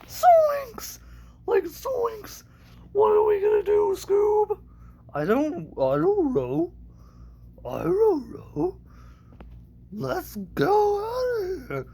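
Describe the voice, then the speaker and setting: A lanky, cowardly young man with a voice that shoots up high. He yelps in cracking bursts and stretches his words out long, with pitch leaping all over the place. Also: very animated, drawn-out words, gravelly, pauses often, dark tone, full character voice. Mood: panicked.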